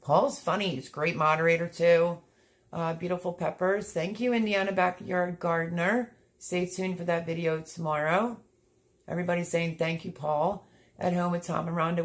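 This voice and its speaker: A woman's voice: on the low side, fairly even intonation, moderate pace. A woman hosting a livestream, chatting casually and reading out viewer comments, effusive and a little teary. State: sniffling, teary. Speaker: livestream host.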